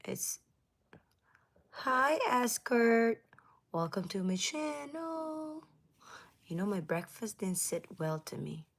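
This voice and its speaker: A woman hosting a casual livestream, chatting with viewers, laughing often and sometimes dropping into a soft whisper. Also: medium pitch, big pitch swings, measured pace, gravelly, husky. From United States. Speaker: livestream host.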